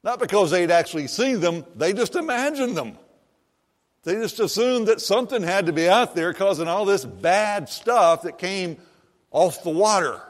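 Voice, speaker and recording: A pastor giving a sermon in a church, reading scripture aloud and then preaching in an animated, conversational way. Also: male voice, sits high. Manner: slow and animated, voicing the disciples and Jesus in quoted lines. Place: church sanctuary. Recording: long reverb of a large hall.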